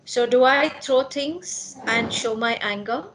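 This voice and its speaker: A woman's voice: a little high, a little slow, fairly bright tone, slight background noise. A woman giving a talk on parenting to parents at a school meeting, earnest and asking questions to answer them herself.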